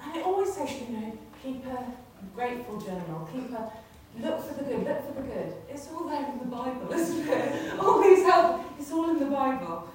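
A woman's voice: sits high, big pitch swings, normal speed, hardly any pauses. A woman giving a chatty church talk to a congregation, often laughing. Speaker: preacher. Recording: echoey hall, distant mic, faint noise.

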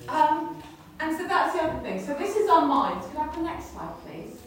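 A woman's voice: sits high, very animated, normal speed, few pauses. A woman giving a chatty church talk to a congregation, often laughing. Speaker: preacher. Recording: echoey hall, distant mic, faint noise.

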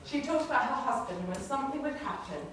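A woman's voice: high voice, expressive, fast. Chatty woman preaching in echoey hall. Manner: chatty, laughing, addressing the congregation. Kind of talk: church talk. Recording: echoey hall, distant mic, faint noise.

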